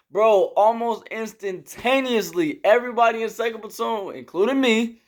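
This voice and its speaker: A man's voice: sits high, normal speed. A young man telling a story about basic training in a casual, slangy vlog style, with lots of fillers. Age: young adult. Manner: slangy and animated, with many fillers. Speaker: army recruit telling a story.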